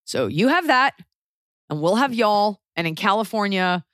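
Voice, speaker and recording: A woman's voice: mid-range voice, very animated, moderate pace, a bit bright, dry recording, clean studio sound. A woman with a Texan accent, co-hosting a podcast in a rambling, chatty way with lots of fillers. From Texas. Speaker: podcast co-host. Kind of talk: casual podcast chat.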